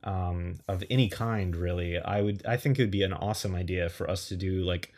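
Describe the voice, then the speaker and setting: Laid-back low-voiced man. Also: brisk. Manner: relaxed, rambling with many fillers. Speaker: podcast co-host. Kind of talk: casual gaming chat.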